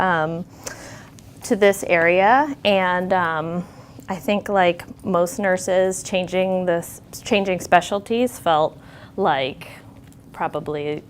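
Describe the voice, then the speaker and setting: A woman's voice: on the low side, a little hiss or hum. A woman nurse giving a candid, conversational talk to an audience, telling stories from her clinic work in a reflective way.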